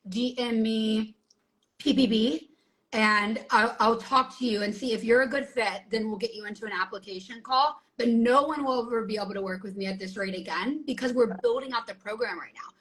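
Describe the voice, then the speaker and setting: A woman's voice: on the high side, fairly bright tone, rough recording. Upbeat woman coach hosting a podcast. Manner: upbeat, persuasive, quick bursts of speech. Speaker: podcast host and business coach. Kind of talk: podcast conversation with a sales pitch.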